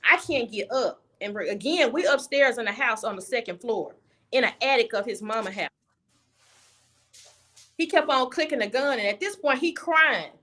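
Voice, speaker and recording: A woman's voice: on the high side, expressive, normal speed, bright, forceful tone. A young woman guest on a video call, telling a personal story candidly and bluntly, often restarting her sentences.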